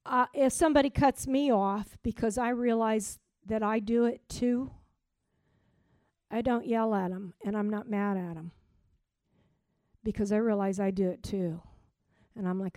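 A woman's voice: on the high side, a little slow, no room sound. Emphatic woman preaching a sermon. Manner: swings from loud emphatic declarations to soft near-whispered asides.

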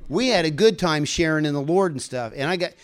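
A man delivers a conversational sermon, sharing personal stories in an earnest, folksy way before building to fervent exhortation. His voice runs on the high side, expressive and fairly quick.

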